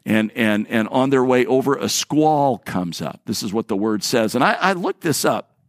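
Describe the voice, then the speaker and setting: A man's voice: medium pitch, animated, normal speed, dry recording, studio quality. A male pastor preaching a sermon, telling a story and acting out the voices of the people in it, often repeating words as he restarts a phrase.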